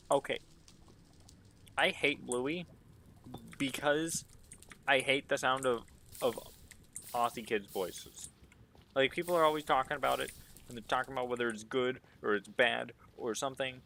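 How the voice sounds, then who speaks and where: A man's voice: mid-range voice, a little slow, gravelly, long pauses, pushed and bright, slight background noise. A man chatting casually while playing a game, rambling through jokingly provocative opinions. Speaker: gaming streamer. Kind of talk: casual gameplay commentary.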